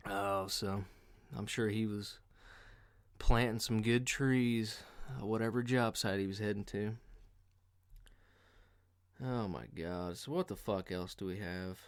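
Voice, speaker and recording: A man's voice: on the low side, clean tone. A man hosting a podcast, telling casual comic stories in a profane, rambling, mocking way. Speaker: podcast host. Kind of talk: casual comedic storytelling.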